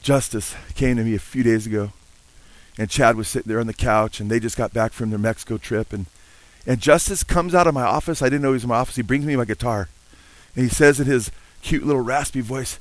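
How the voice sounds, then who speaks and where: An older man preaching with earnest feeling and frequent amens. He now and then breaks into hymn lines. His voice sits in a middle pitch, and the recording is dry. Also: fast, no echo, rough recording. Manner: sings hymn lines between teaching. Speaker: pastor. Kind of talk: sermon.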